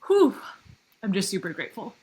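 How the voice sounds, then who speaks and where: A woman with a fairly low voice hosts a podcast. She is openly emotional and gushing, showering her guest with praise and thanks. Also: normal speed, fairly bright tone, rough recording. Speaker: podcast host. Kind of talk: interview conversation.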